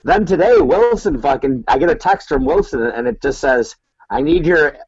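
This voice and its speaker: A man's voice: medium pitch, sing-song, normal speed, vocal fry, a little mellow, breathy edge. A laid-back man co-hosting a podcast in casual chat, laughing often. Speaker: podcast co-host. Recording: dull lo-fi sound.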